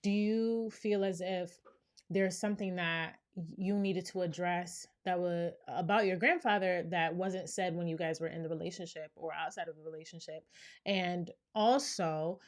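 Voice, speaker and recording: A woman's voice: lowish voice, fairly even intonation, normal speed. A woman therapist giving reaction commentary, explaining things step by step and often checking in with "right?". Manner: reflective, explains step by step, many "right?" asides.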